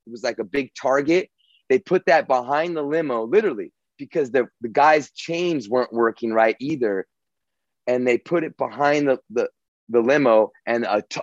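A man's voice: mid-range voice, dry recording, lo-fi sound. A man casually telling a long story, rambling and swearing, with many restarts. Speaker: guest telling his story.

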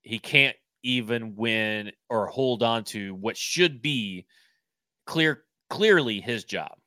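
A man's voice: mid-range voice, slow pace, pushed and bright, no room sound, studio quality. A man co-hosting a sports podcast, talking in a blunt, opinionated, casual way and swearing now and then. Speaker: podcast co-host.

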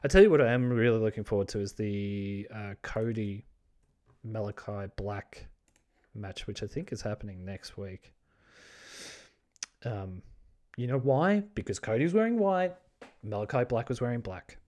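A man hosting a podcast alone, chatting casually and excitably about wrestling, with plenty of swearing, fillers and restarts. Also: lowish voice, unhurried, pauses often. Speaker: podcast host. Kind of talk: casual solo podcast chat.

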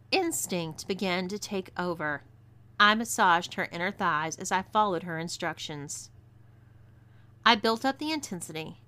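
Woman narrator, texan twang, bright clear voice, scripted story reading. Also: lowish voice. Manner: drawling, storytelling delivery.

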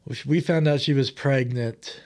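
A man's voice: medium pitch, normal speed, a little mellow. A man in his forties, a podcast guest, telling his story in a casual, rambling way and often laughing mid-story, recorded in a studio.

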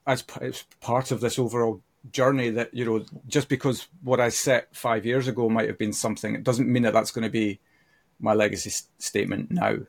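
A man in his fifties, a podcast guest speaking thoughtfully in a halting way, with many restarts. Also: medium pitch, flat delivery, creaky, breathy edge. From United Kingdom. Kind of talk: reflective conversation.

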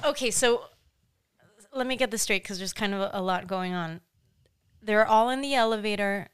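A woman's voice: medium pitch, normal speed, clear, resonant tone, no echo, studio quality. A woman co-hosting a podcast, curious and asking lots of questions. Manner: curious, asks many questions. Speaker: podcast co-host. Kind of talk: casual chat.

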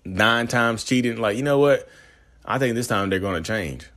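A man's voice: medium pitch, moderate pace, a bit bright. A man ranting in a casual monologue, rambling and repeating himself as he acts out quoted voices. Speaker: self-aware narcissist vlogger.

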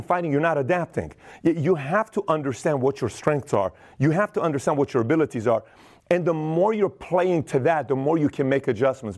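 A man's voice: fairly high pitch, a little mellow. A man hosting a podcast, giving a casual, emphatic motivational talk in plain words, often acting out other people's voices. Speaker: podcast host.

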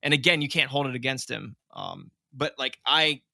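A man hosting a casual sports podcast, animated and opinionated, laughing often. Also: medium pitch, normal speed, creaky, no room sound, clean studio sound. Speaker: podcast host.

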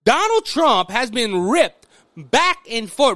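Animated high-voiced Southern man. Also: measured pace, no echo. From Louisiana. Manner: animated and rambling, frequent restarts. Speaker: political commentary host. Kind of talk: casual political commentary.

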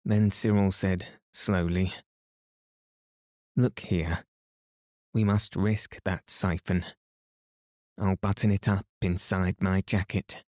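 A man with a very deep voice reads a children's story at a slow, soothing bedtime pace. He gives the children's lines a light touch without leaving his calm, even manner. The recording is dry and close. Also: no echo. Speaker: podcast host and bedtime story reader.

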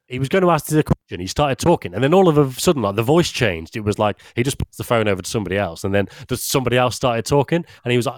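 A young man tells a story in loose, rambling podcast chat. His voice sits low, with a dry, close recording. He swears casually as he talks. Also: fast talker, no room sound. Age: young adult. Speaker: podcast regular.

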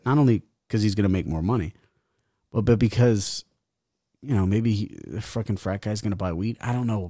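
A man's voice: on the low side, darkish tone, no room sound, clean studio sound. Profane young man telling a wild story. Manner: profane, rambling, laughs as he talks. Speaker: guest rapper. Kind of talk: casual storytelling.

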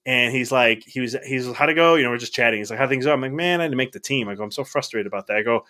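Fast-talking, bright-voiced man telling stories. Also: medium pitch. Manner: animated, acts out dialogue, many restarts. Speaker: podcast guest. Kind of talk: casual storytelling.

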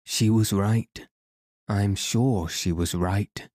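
A man reading the part of a despairing enchanted prisoner who wails in a hollow, sad voice. The voice sits low and slow, with a dark tone, as in a storybook read aloud. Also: fairly even intonation, no room sound, studio quality. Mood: wailing.

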